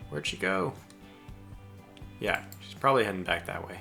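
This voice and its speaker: A man's voice: low-pitched, normal speed, creaky, pauses often, sharp tone, faint music behind. An American man casually commentating his own live strategy game stream, chatty and chuckling as he barks orders at his ships. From United States.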